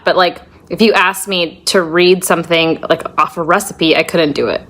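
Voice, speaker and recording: A woman's voice: lowish voice, fairly even intonation, moderate pace, hardly any pauses, a bit bright. A woman hosting a podcast, opening the episode in a bubbly, casual way with lots of fillers. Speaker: podcast host. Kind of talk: casual chat.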